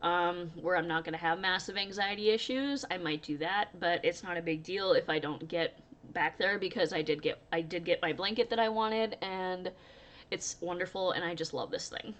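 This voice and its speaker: A woman's voice: on the low side, normal speed. Casting: young adult woman, chatty vlogger, easygoing storyteller, laughs often. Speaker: crochet vlogger. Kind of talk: casual chat to camera.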